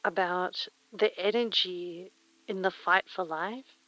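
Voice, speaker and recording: A young woman streamer chatting softly and reading poems aloud in a breathy, near-whispered voice through a retro telephone-style mic filter. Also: on the low side, steady tone, takes it slowly, no room sound. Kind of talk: casual chat and poetry reading. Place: home streaming room. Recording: filtered lo-fi mic with faint rain.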